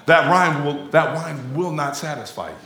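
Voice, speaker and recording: Lively, bright-voiced male preacher. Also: fairly high pitch, normal speed, echoey room. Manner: animated conversational preaching, addresses crowd as y'all. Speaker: pastor. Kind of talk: sermon.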